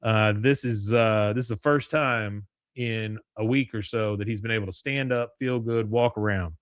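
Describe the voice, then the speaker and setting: A man's voice: lowish voice, normal speed, smooth, no echo, clean studio sound. A man hosting a podcast, animatedly recapping a cartoon episode and quoting its characters with laughs. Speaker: podcast host.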